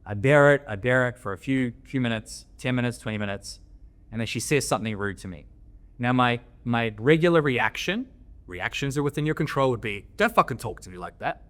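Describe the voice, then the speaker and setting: A man's voice: medium pitch, brisk, a bit bright. Blunt, foul-mouthed man. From Australia. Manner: blunt, swears freely, coaching tone. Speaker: podcast guest, men's coach. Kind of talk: candid interview storytelling.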